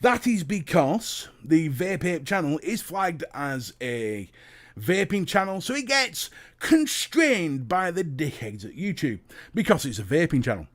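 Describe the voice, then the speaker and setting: A man's voice: a little high, very animated, measured pace. A British man hosting a casual livestream, chatting to viewers and reading their comments, jokey and talking straight to the chat. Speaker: livestream host.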